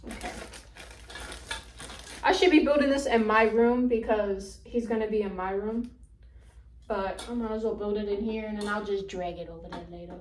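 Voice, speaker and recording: In an echoey room at home, with the mic at a distance and slight background noise, a young vlogger assembles something on camera. She's blunt and chatty, swears freely, mutters to herself and sounds a bit out of breath. Her medium-pitched, somewhat mellow voice moves at normal speed with long pauses.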